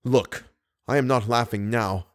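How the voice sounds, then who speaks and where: A man voicing a hideous masked phantom who swings between roaring and low hissing, in an audiobook reading. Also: a little slow, lightly acted. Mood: anguished.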